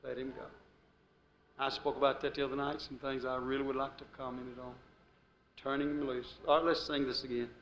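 A man preaching a fervent sermon that swings between hushed talk and shouted exclamations. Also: mid-range voice, flat delivery, fast, a little hiss or hum. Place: church hall. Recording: muffled echoey church recording with music.

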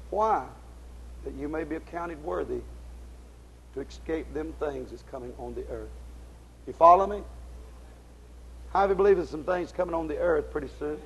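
A man preaches a fiery sermon in folksy, ungrammatical speech, swinging between shouted exhortation and low, intense tones. His voice is husky, and the audio quality is poor.

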